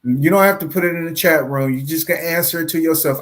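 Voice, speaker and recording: A man with a light Southern accent giving slow, preachy commentary on a livestream, full of rhetorical questions and drawn-out emphasis. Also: on the high side, a bit bright. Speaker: panelist.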